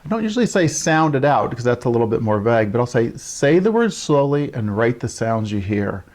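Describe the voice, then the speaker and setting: A man's voice: medium pitch, sing-song, fairly quick, darkish tone. Man explaining early writing to parents. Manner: explains with frequent "right?" check-ins and modeled child-directed lines. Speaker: early childhood literacy educator. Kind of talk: instructional talk to parents.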